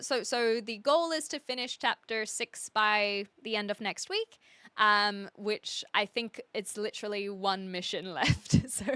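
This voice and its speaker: Woman game streamer, easy rambling chat with viewers, bright and dry close-up sound. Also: on the high side, smooth, dry recording. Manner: chatty, rambling, frequent restarts and laughs. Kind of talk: casual chat with live viewers. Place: home attic.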